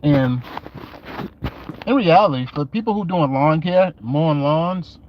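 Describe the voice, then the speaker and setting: A man's voice: a little high, measured pace, dull audio, a little hiss or hum. A man who runs a lawn care business, talking casually and joking to camera in a slangy, laid-back way. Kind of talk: casual vlog talk to camera.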